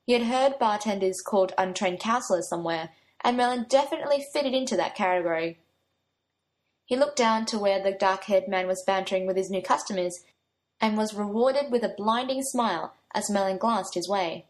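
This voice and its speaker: A woman's voice: medium pitch, moderate pace. A woman reading a story aloud, giving her own light touch to the young men's lines. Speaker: narrator.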